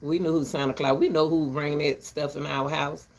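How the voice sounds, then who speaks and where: A woman's voice: sits low, fairly even intonation, moderate pace. Blunt older woman rambling with laughter. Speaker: vlogger. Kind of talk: casual rant to viewers. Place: back porch outdoors.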